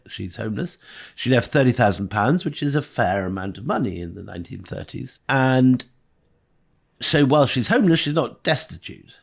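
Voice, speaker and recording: A man co-hosting a history podcast, speaking in a measured, dryly wry way. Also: medium pitch, vocal fry. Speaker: podcast co-host.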